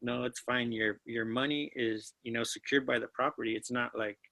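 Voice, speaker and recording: A man's voice: mid-range voice, fairly even intonation, normal speed, pushed and bright, no room sound, low-quality recording. A man, a real estate student, telling his story as an interview guest in a hesitant, modest way with frequent restarts. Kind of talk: casual interview chat.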